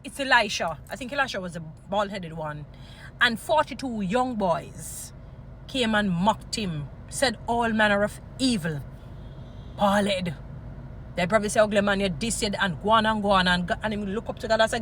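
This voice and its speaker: A Jamaican woman holds forth like a street preacher, her bright, forceful voice swinging between scolding and Bible storytelling in a mix of patois and English. Faint traffic hums outdoors behind her. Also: mid-range voice, lively intonation, moderate pace. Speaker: vlogger. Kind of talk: impassioned commentary with Bible stories.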